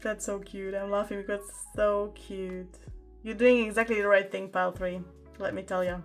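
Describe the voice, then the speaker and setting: A woman talks through a pick-a-card tarot reading at a mid pitch. She chats and exclaims as she turns the cards. Faint music plays in the background. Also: little pitch movement, normal speed. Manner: chatty, exclaiming over the cards. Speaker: tarot reader.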